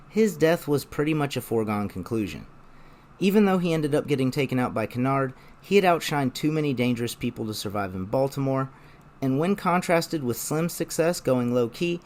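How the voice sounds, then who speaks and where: A young man narrating a scripted video essay in a measured, explanatory way. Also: medium pitch, a little mellow.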